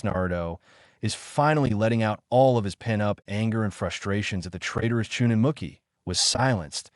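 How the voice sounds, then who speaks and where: Male narrator, low register, dry close sound, even scripted storytelling. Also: brisk, no echo.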